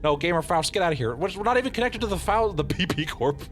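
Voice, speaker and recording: A male streamer chatting through a game, joking and breaking into laughter. His pitch swings widely as he reacts. Faint music plays underneath. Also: lively intonation. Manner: playful, quick to laugh, exclaiming. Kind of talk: live game commentary.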